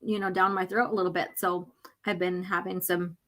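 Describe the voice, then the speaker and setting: A woman hosting a casual livestream and reading a comic aloud, rambling with many fillers and often clearing her irritated throat. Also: lowish voice, flat delivery, brisk, a bit bright.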